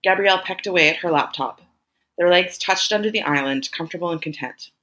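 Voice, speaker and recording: A woman reading a story aloud as narrator in a measured, even way. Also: fairly low pitch, low-quality recording. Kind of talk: scripted narration.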